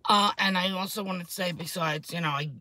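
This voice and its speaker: A woman, rambling excitedly and swearing freely in a casual chat to camera, her voice a little hoarse. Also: lowish voice, brisk, slight background noise. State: hoarse throat. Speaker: vlogger.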